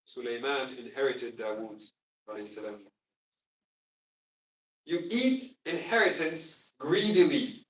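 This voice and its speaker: A man's voice: medium pitch, expressive, unhurried, pauses often. A man teaching a Quran class, explaining emphatically and quizzing his students. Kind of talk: classroom lesson. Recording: echoey room, distant mic.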